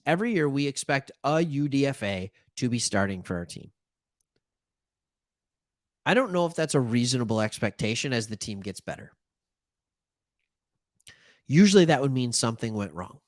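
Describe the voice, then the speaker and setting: A fairly high-voiced man from Michigan talks sports in a loose, animated way, tossing in jokes and side comments as he goes. The sound is dry and close, with no room around him. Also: moderate pace, no echo. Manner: animated, joking asides, plays imagined callers. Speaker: sports talk show host.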